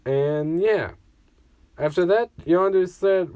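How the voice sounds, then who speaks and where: A man's voice: on the high side, unhurried, warm tone, no echo. A man casually narrating a fan-fiction story in a rambling way, full of "like" fillers.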